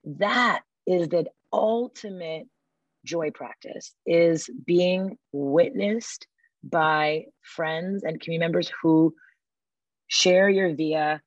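A woman guest speaking on a podcast interview. She talks with enthusiasm and acts out little quotes in a lively way. Her voice sits a bit low and comes through a dull, dry remote line. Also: takes it slowly, no room sound. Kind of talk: casual interview talk.

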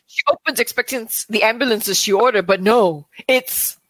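A woman co-hosting a film reaction chat, reacting excitably with gasps and exclamations. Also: mid-range voice, a little fast, dry recording, low-quality recording.

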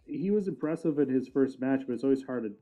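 A man's voice: medium pitch, quick pace, mellow, low-quality recording. A man co-hosting a casual wrestling podcast, joking around, laughing often and swearing casually over a remote call. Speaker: podcast co-host.

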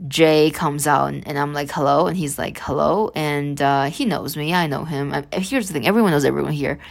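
Low-voiced woman podcaster telling a story. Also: a little fast, creaky. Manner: rambling, animated, many restarts and asides. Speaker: podcast host. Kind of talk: casual storytelling monologue.

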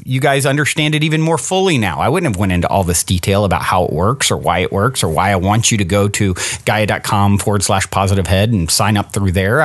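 A man's voice: mid-range voice, fairly bright tone, no room sound, studio quality. A man hosting a podcast, telling a personal story in a chatty, upbeat way, with many fillers and restarts. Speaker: podcast host.

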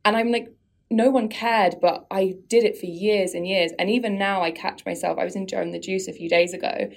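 A woman's voice: mid-range voice, fairly even intonation, a little fast, creaky. A woman guest on a podcast, talking candidly and reflectively about her own life in a casual conversational way, often laughing at herself.

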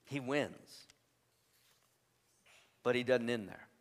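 A man preaching a sermon as a pastor, animated and emphatic, jumping from loud punchy lines to quiet joking asides to his congregation. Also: mid-range voice, slow, big-room sound.

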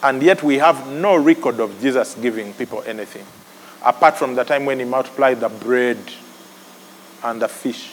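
A man preaching a sermon, animated, breaking into sudden high exclamations and laughs. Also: moderate pace, a little hiss or hum. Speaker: pastor. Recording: long hall reverb with faint ambience.

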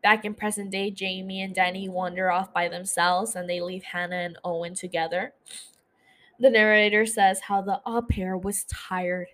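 A woman with a middle-pitched voice recaps a show episode in a loose, chatty way. She swears freely and breaks off into gushing asides. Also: level tone, moderate pace, fairly bright tone. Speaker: podcast host.

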